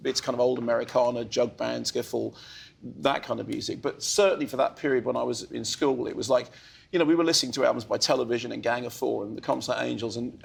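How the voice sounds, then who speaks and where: A man in his fifties, a film critic guest on a TV chat show, telling animated, self-deprecating stories. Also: mid-range voice, gravelly, husky. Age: 50s. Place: TV studio.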